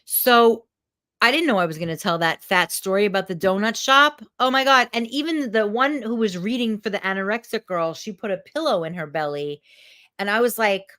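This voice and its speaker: Candid woman coach on a live stream, curses casually, lively up-and-down delivery. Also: medium pitch, moderate pace. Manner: frank, swears freely, animated storytelling. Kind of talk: live video talk to viewers.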